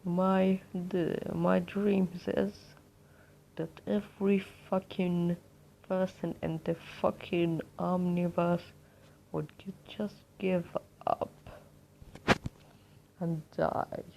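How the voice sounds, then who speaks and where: A vulgar young male death god read out by a woman in a homemade fan story. His low voice drags along, slow and gravelly, and he sneers and threatens everyone around him. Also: little pitch movement, highs cut off, slight background noise, full character voice. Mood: menacing.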